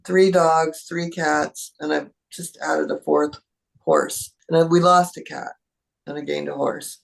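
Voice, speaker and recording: A woman guest in an interview, an animal communicator talking in a lively way and acting out what animals think. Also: low-pitched, gravelly. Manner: animated, acts out animal thoughts in voices. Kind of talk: conversational interview.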